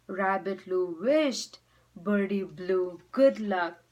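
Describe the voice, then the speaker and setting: A woman teacher reading a storybook aloud to children, expressive and speaking directly to them. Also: medium pitch, slow pace, rough recording.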